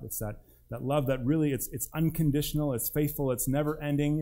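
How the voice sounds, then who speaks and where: A man's voice: on the high side, darkish tone. A man preaching a sermon as pastor, with an emphatic delivery that swings between rising and dropping.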